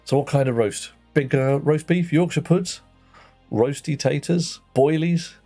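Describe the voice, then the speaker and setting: Gravelly man chatting on stream. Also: on the high side, measured pace, mellow, faint music behind. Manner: playful, chatty, greets viewers by name. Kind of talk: casual livestream chat while gaming.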